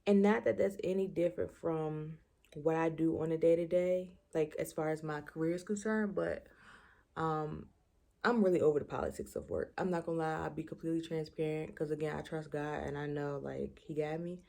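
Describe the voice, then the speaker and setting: A deep, dark, steady female voice with vocal fry, moderate in pace, belongs to a young vlogger doing a casual bedtime chat on her camera mic. She reflects emotionally, nearly tearful at times, and keeps searching for words, restarting and filling pauses often.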